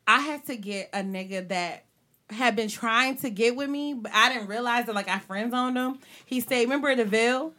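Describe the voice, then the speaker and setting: A young woman telling a story in casual chat with friends, animated and laughing often. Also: on the high side, normal speed.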